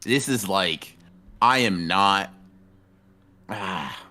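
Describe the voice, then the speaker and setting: Young guy on a podcast, deep voice but kinda bright, rambly and chill. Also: animated, drawn-out words. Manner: laid-back, rambling, lots of fillers and slang. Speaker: podcast co-host. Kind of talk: casual chat.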